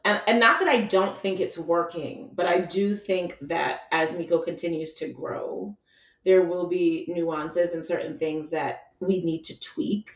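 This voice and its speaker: A woman's voice: fairly low pitch, a little slow, roomy sound, recorded from a distance. A woman guest, a mother of a toddler, talking in a chatty way with lots of fillers. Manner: chatty, frequent fillers, animated storytelling. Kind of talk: casual chat.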